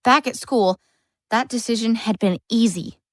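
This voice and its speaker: A woman's voice: fairly high pitch, normal speed, no room sound, clean studio sound, close to an everyday voice. A woman narrating a full-cast audiobook as a lonely, bookish boy, earnest with wry asides. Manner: earnest first-person storytelling, wry asides.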